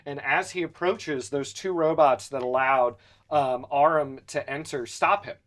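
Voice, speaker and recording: A man's voice: a little high, measured pace, fairly bright tone. A man narrating as game master and hosting a podcast, hesitant and full of fillers.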